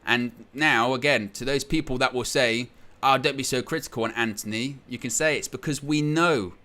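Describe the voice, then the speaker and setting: Bright-voiced man commentating a live match. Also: mid-range voice, normal speed. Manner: excitable, surges loud at goals, then calm analysis; reads viewer chat messages aloud. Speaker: watchalong host.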